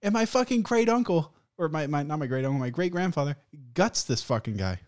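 A man's voice: fairly high pitch, animated, a little fast, a little mellow, no echo, clean studio sound. A young man co-hosting a podcast in casual chat, telling stories with frequent laughter and plenty of swearing. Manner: swears freely, laughs through his stories. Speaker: podcast co-host.

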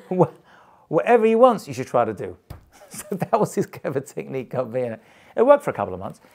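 A male rabbi gives an informal class to a small live group. His pitch sits in an ordinary middle range but rises and falls with wide, lively swings. He speaks emphatically, repeats himself to drive points home, and chuckles now and then. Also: a little fast, gravelly, soft background music.

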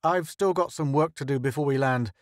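An earnest, thoughtful scientist who explains at length in a slightly high voice, as a male narrator plays him. The sound is dry and close. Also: fairly quick, no room sound, close to an everyday voice.

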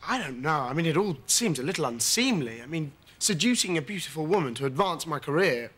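An actor playing a wry, playful, self-mocking charmer. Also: male voice, a little high, lively intonation, a little fast, fairly bright tone, husky.

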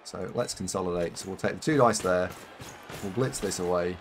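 A man's voice: low-pitched, brisk, soft background music. A man with a Yorkshire accent casually commentating his own game live, thinking aloud and chatting with viewers. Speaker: game streamer.

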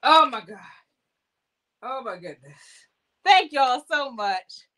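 High, lively woman hosting a livestream. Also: slow pace. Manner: laughs a lot and teases guests. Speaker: livestream host. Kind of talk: casual livestream chat.

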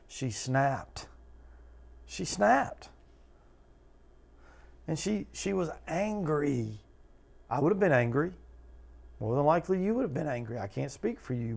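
A man's voice: fairly high pitch, gravelly. A man teaching a Bible study as pastor, earnest and conversational, asking his listeners question after question. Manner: earnest, talks to listeners with repeated questions, acts out quotes.

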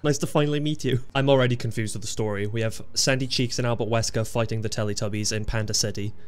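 A young man chats casually over his gameplay, mid-pitched and quick to burst into laughter or startled yelps. His talk is loose and full of swearing, with a light hiss in the background. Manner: excitable, swearing, laughing often, yelps at surprises. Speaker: gaming video host.

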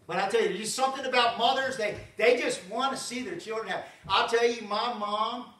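A man pastor, preaching a folksy, animated sermon with frequent asides to the congregation. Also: extremely high pitch, a little fast. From Southern United States. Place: church sanctuary. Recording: roomy church sound from a distance.

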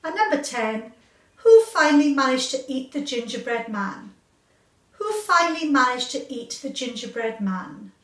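A woman teacher reading out a children's quiz, slow and clear, repeating each question. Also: sits high, big pitch swings, fairly bright tone. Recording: echoey room, far from mic.

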